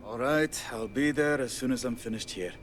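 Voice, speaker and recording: A man's voice: medium pitch, normal speed, slight background noise, natural voice. An actor voicing a middle-aged male handyman in video game dialogue, wry and rambling, laughing at himself. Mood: irritated. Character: weary, punning, self-deprecating male station handyman.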